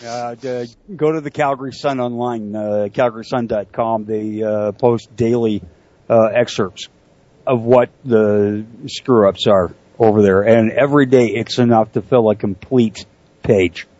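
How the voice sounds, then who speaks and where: A man's voice: medium pitch, fairly even intonation, unhurried, warm tone, no echo. A man hosting a talk radio show, bantering casually and laughing often. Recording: dull, husky lo-fi audio.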